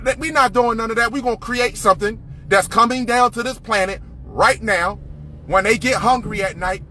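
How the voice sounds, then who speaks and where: A man's voice: very high-pitched, moderate pace, pushed and bright, a little hiss or hum. A man ranting to camera, profane and confrontational, repeating himself.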